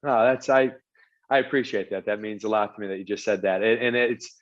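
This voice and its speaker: A man's voice: on the low side, fairly quick, lo-fi sound. A man being interviewed as a podcast guest, talking in an earnest, casual way and often repeating words as he starts a sentence. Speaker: podcast guest, real estate executive.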